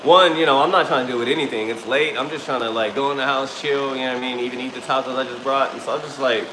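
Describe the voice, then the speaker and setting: A man's voice: medium pitch, racing, hardly any pauses, bright, forceful tone, slight background noise. A man telling a long story in a rambling, profane, conversational way during a livestream from a car. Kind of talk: casual storytelling. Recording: roomy echo.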